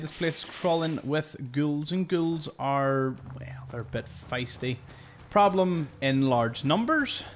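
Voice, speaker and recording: A man's voice: mid-range voice, a little hiss or hum. A man giving chatty, joking let's-play commentary. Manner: chatty and jokey. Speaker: gaming youtuber.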